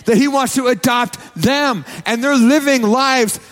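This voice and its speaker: A man's voice: very high-pitched, a little slow, fairly bright tone. A man preaching a sermon as pastor, emphatic and repeating his phrases. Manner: emphatic, repeats phrases, quotes people in acted voices. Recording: long reverb of a church hall.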